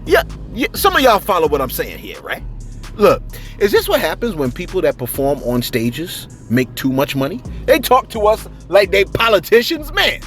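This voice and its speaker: Faint music sits behind a man speaking at normal speed as he offers animated, slangy celebrity gossip. He leans on big pitch jumps to emphasize his points.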